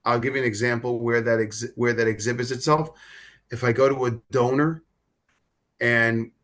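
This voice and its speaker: Bright-voiced man, halting and emotional. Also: mid-range voice, steady tone. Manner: halting, repeats words, stammers when moved. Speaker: rabbi, guest. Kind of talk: emotional interview conversation.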